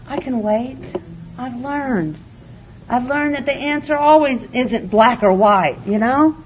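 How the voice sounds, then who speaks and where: Heartfelt woman sharing her recovery story. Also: a little high. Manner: heartfelt, candid, with wry humor. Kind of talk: personal testimony at a recovery meeting. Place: meeting room before a live audience. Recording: muffled lo-fi recording, faint hiss.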